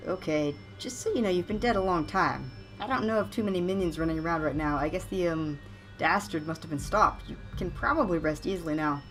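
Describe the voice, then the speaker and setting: A woman's voice: lowish voice, expressive, fast, faint music behind, rough recording. A woman giving casual, wry gameplay commentary with chatty, sarcastic asides. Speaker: let's play host.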